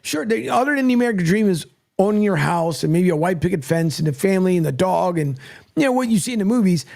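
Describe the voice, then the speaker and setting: A sports radio host with a high voice, darkish tone and vocal fry delivers a casual, rambling monologue from a studio mic. He is chatty, stammering and restarting often.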